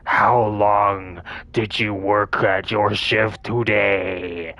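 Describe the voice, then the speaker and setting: A man voicing a towering, hunched monster store manager who barks repetitive orders in a low voice. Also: level tone, extremely slow, vocal fry, bright, forceful tone, dry recording, exaggerated voice. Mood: menacing.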